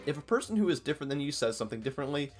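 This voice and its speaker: Racing through his narration, a very animated man with a voice on the high side jokes his way through an educational video essay. He's from Iowa in the US Midwest, and faint background music runs beneath him.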